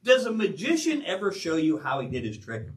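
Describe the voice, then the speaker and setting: An older man preaching an animated, emphatic sermon as pastor of his church, acting out quoted asides. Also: on the high side, fairly quick. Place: church sanctuary. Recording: roomy church sound from a distance.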